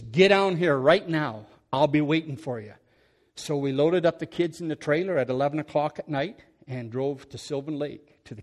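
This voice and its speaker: A man's voice: mid-range voice, darkish tone. An older man giving a rambling, homespun church testimony into a headset mic, often chuckling and restarting words. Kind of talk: folksy testimony storytelling.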